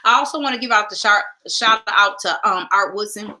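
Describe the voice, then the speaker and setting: A woman hosting a podcast, chatting casually with her viewers and reading their comments in a lively, direct way. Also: medium pitch. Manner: lively, talks straight to viewers, drawn-out "child, listen". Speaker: podcast host.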